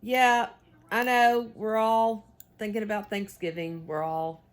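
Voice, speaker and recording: A knitting vlogger from the United States chats with her viewers in a rambling, folksy way while she knits, speaking with a Southern US accent. Her voice is mid-range with little pitch movement, and she talks slowly.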